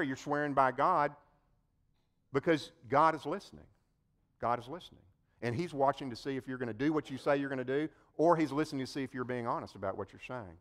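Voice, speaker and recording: A man preaching a sermon, telling the story in an animated way and addressing his listeners directly. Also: medium pitch. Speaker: pastor.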